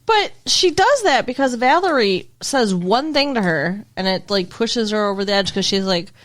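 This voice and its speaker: A woman's voice: a little high, lively intonation, moderate pace, a bit bright. A woman co-hosting a podcast, recapping a TV episode in casual chat, chatty and giggly, saying "like" a lot. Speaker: podcast co-host.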